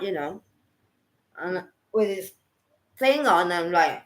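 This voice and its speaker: A woman telling a story in casual chat, animated and profane, acting out what people said. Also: lowish voice, takes it slowly. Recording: echoey room.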